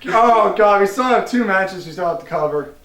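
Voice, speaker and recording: Male co-host, relaxed moderator, mic far off in an echoey room. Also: high voice, normal speed. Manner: casual, keeps the talk moving. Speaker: podcast co-host. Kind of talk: casual wrestling review chat.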